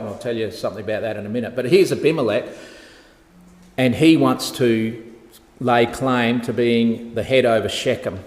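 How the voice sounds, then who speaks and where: A man preaching a lively Bible talk, telling the story and quizzing the congregation. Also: mid-range voice. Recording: echoey hall reverb.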